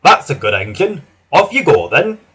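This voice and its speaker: A man voicing a stern but kind railway boss in a children's storybook reading, firm and commanding with loud exclamations. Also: fairly high pitch, very animated, normal speed, slight background noise. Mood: brisk.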